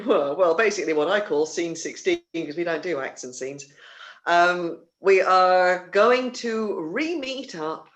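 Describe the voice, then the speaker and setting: A man hosting an online theatre livestream, chatty and rambling, with many fillers and restarts, talking over a video call. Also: on the high side. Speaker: theatre company host. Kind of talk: casual livestream announcements.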